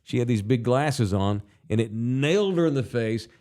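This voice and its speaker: Forties man hosting a podcast; loud, animated storyteller who swears freely. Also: mid-range voice, moderate pace. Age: 40s. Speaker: podcast host. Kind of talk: casual chat.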